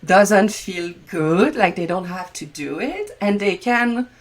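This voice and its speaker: A woman with a French accent, speaking as an intimacy coach guest in a relaxed interview with lots of fillers. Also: mid-range voice, slow. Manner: frequent fillers, loose phrasing. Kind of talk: casual conversational interview.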